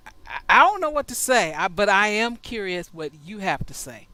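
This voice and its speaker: A woman's voice: mid-range voice, sing-song, normal speed, pushed and bright, poor audio. A woman hosting a show, reading news articles aloud and reacting with sarcastic asides. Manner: sarcastic asides, breaks into laughter. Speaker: host.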